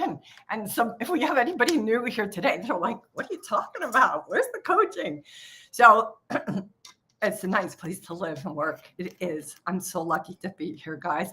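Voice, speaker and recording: A woman hosting a casual live trading coaching session from her home office, chatty and quick to laugh. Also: medium pitch, fairly bright tone. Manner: chatty, laughs often, acts out quoted voices. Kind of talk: casual live-stream chat.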